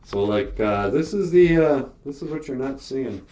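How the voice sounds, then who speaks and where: A cartoonist with an Ojibwe reservation accent, giving a casual, rambling studio tour with jokes and lots of fillers. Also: male voice, medium pitch, expressive, normal speed, warm tone. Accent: Ojibwe reservation English. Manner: rambling, joking, with many fillers. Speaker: show creator and cartoonist.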